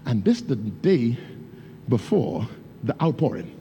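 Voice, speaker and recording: A man's voice: medium pitch, big pitch swings, slow, warm tone, highs cut off, slight background noise. A man preaching a sermon, with fervent delivery and loose, casual grammar. He tells stories, calls out to his congregation and breaks into speaking in tongues. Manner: storytelling with call-outs to the congregation. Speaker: pastor.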